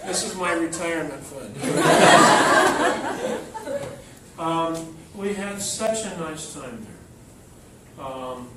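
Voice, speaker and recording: Older male speaker, slightly high voice, unhurried storyteller, distant mic, echoey hall with noise. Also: a loud crowd. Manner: unhurried and anecdotal, with fillers. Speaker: speaker giving a talk. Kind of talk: public talk. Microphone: microphone, then unamplified. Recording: echoey hall, voice from afar, noisy.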